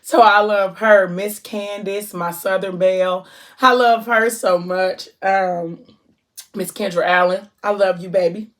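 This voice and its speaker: A woman from Ohio chats casually to camera for her vlog viewers in a mid-range voice with fairly even intonation. She is effusive, giving warm shout-outs and drawn-out endearments.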